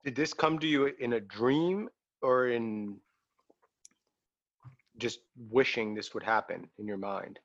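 A man's voice: mid-range voice, slow pace, pauses often, no echo, highs cut off. A man asking wry questions in casual chat.

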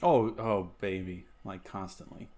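A man's voice: low voice, fairly even intonation, mellow. A man co-hosting a casual movie watch-along podcast, agreeing easily and trailing off mid-thought. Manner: agreeable, halting, lots of "yeah". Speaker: podcast co-host.

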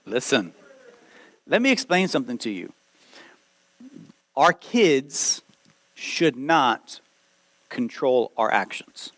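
A man in his late thirties preaching a sermon, lively and conversational, acting out quoted voices as he goes. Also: mid-range voice, slow, long pauses, rough recording. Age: 30s. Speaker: pastor.

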